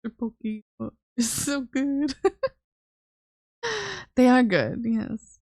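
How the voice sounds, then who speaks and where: A woman's voice: a little high, slow pace, a little mellow, dry recording, clean studio sound. A young woman, chatting casually and teasingly with her viewers on a live stream while she draws, swearing freely. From Canada.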